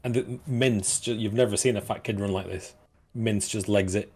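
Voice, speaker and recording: A man's voice: on the low side, steady tone, moderate pace, darkish tone, slightly rough. A man narrating as game master in a tabletop game, casual and full of restarts. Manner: casual, many fillers and restarts.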